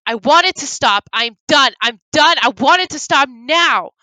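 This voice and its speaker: A woman reading as a terrified young woman who begs and shouts in shrill, pleading bursts. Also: expressive, a little slow, dry recording, exaggerated voice. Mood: hysterical.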